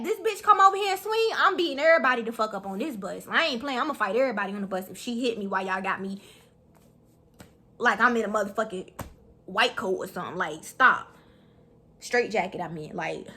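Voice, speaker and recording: A young woman telling a story in a vlog, animated and profane, talking fast. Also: sits high, husky. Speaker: vlogger.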